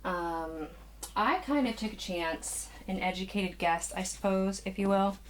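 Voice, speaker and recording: A woman's voice: medium pitch, unhurried, a little hiss or hum. A young woman chatting casually to camera from a small craft room at home, a little out of breath, rambling with sighs and restarts. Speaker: knitting podcast host. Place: small spare room used as a craft nook. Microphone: camera, moving in and out of frame.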